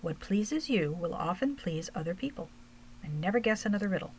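A woman voicing an earnest, gentle old male gnome in a storybook reading. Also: medium pitch, expressive, a little fast, slight background noise, close to an everyday voice.

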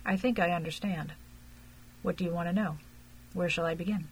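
A woman reading aloud and voicing a frank, earnest young gentleman suspected of a crime, in an audiobook. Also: fairly low pitch, steady tone, brisk, slight background noise, close to an everyday voice, low-quality recording. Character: young gentleman under suspicion, frank and tense.

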